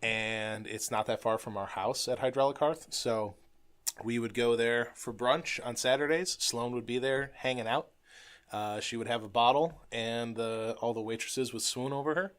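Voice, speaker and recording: A man chatting on a beer podcast, telling an unhurried story with plenty of fillers. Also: mid-range voice, a bit bright, clear, resonant tone. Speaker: podcast co-host, father. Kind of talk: casual chat over beers.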